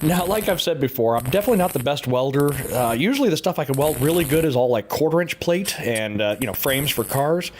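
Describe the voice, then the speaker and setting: A man with a slightly raised pitch talks through his workshop project in an easygoing, offhand way, filling pauses with "uh" and "um" and laughing lightly at himself. Faint workshop ambience sits behind his voice. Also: expressive, a little hiss or hum. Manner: laid-back, chuckles often, many fillers. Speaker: hobby frame builder and vlogger. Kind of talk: casual workshop narration.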